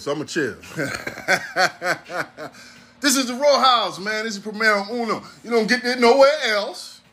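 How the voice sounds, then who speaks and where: A podcast host in his forties from Ohio, USA, delivers a casual monologue in a high, pushed, bright voice. He rambles and swears, speaking with a preacher-like cadence.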